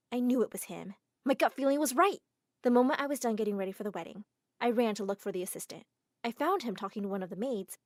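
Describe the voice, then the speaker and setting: A young woman tells a dramatic story in a fairly high voice. She is animated and jumps into excited outbursts. The sound is close and dry. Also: no echo. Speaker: narrator.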